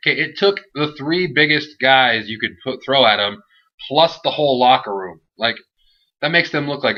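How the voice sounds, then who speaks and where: A young man reviewing a wrestling show in a casual, animated, rambling and jokey way. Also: mid-range voice, fairly quick. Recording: dull lo-fi home recording.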